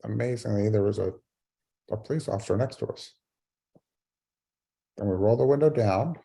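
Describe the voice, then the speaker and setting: A man's voice: lowish voice, normal speed, creaky, warm tone, slightly rough. A middle-aged man giving a keynote speech on a video call, telling a personal story with wry, self-mocking humor. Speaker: keynote speaker.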